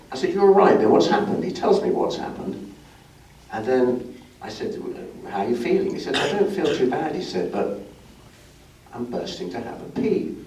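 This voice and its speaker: Older raconteur, low voice, wry and self-deprecating, distant mic in a roomy hall. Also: male voice, slight background noise. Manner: lively, self-mocking, wry humor. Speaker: guest speaker. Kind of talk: anecdotal storytelling to an audience. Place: club brunch function room. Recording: echoey room, recorded from a distance.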